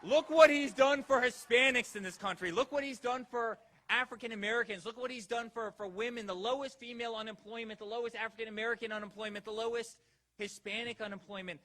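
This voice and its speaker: Guy fired up at a campaign rally, high voice, keeps asking "why" over and over. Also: fairly even intonation, fast talker, pushed and bright. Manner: rousing, with repeated rhetorical questions. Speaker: political rally speaker.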